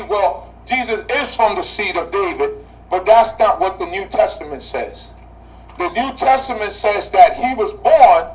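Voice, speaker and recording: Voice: medium pitch, darkish tone, recorded from a distance, low-quality recording. A Bible study teacher speaking to a class, asking rhetorical questions and repeating key phrases for emphasis.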